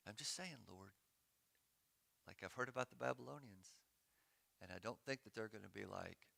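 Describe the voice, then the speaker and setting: A man's voice: fairly low pitch, normal speed, creaky, long pauses, pushed and bright. A man giving a sermon as pastor in a church sanctuary, conversational and joking, with sarcastic asides.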